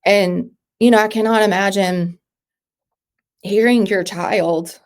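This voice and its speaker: A woman in her thirties, a podcast guest, speaking in an emotional personal interview with halting phrases that restart and trail off. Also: mid-range voice, fairly even intonation.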